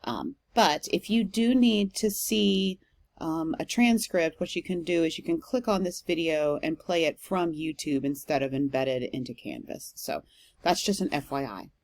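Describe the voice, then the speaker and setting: A woman's voice: low-pitched, moderate pace, creaky, darkish tone, dry recording. A woman professor giving a recorded literature lecture, explaining step by step with frequent "um" fillers.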